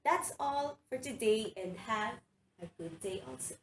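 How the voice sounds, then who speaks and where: A woman's voice: fairly high pitch, expressive, a little slow. Woman teacher modeling words to repeat. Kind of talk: recorded reading lesson. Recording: roomy echo, faint background noise.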